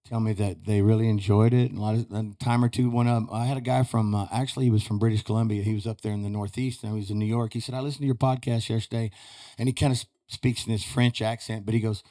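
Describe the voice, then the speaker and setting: A man's voice: on the low side, flat delivery, quick pace, few pauses, warm tone. A man telling rambling, folksy stories as a guest in a studio. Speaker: podcast guest, retired rodeo roper. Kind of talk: casual chat.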